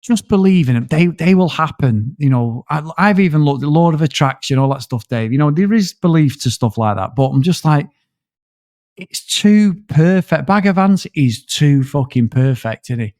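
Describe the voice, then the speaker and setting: A man's voice: a little high, moderate pace, dry recording. Rambling, sweary man in dry close audio. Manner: rambling, sweary, animated storytelling. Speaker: podcast co-host. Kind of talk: casual film review chat.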